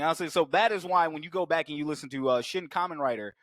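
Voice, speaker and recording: A man's voice: a little high, quick pace, hardly any pauses, dry recording. A man co-hosting a podcast in casual chat, swearing freely and acting out the lines he quotes. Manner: excitable, swears a lot, acts out quoted lines. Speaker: podcast co-host.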